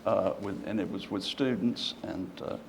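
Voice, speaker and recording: A man moderating an audience Q&A, speaking in a halting, low-key way. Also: creaky, a little hiss or hum. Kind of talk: hosting a Q&A. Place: lecture hall.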